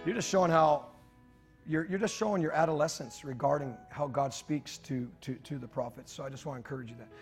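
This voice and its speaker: High-voiced animated male preacher. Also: fairly quick, soft background music. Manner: animated preaching, jokes and asides to the congregation. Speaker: pastor. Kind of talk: sermon.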